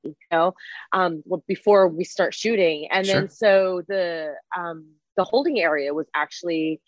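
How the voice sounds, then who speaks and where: An animated young woman, telling stories from film sets in a casual interview. She laughs often and swears freely. Her voice sounds dry and a little dull, as if recorded close on a modest mic. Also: on the low side, unhurried, no echo. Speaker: guest, film crew and actress.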